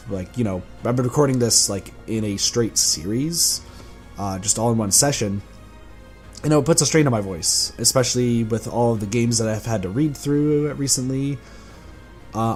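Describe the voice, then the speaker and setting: Gaming YouTuber, male, hoarse sore throat, casual rambling update, faint music underneath. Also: medium pitch, moderate pace, darkish tone. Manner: rambling, self-correcting, chuckling. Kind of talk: casual channel update vlog.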